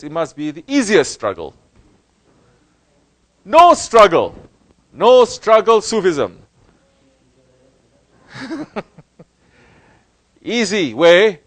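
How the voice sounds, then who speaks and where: Sufi teacher guy preaching hard, goes loud then quiet, dry close sound. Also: on the high side, no echo, low-quality recording. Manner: impassioned, swinging from loud to hushed; rhetorical questions and repetition. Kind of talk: sermon.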